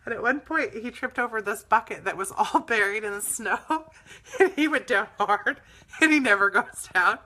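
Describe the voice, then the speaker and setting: A woman's voice: a little high, lively intonation, normal speed, bright, forceful tone. A woman host telling stories in a casual, chatty way, laughing often as she talks. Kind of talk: casual storytelling chat.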